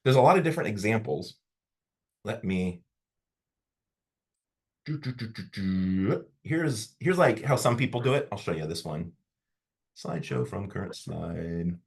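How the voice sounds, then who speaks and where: A man teaching a public speaking class online in a casual, animated way, rambling a little with fillers, over a computer mic. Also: lowish voice, unhurried, gravelly, pauses often, husky. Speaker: college instructor.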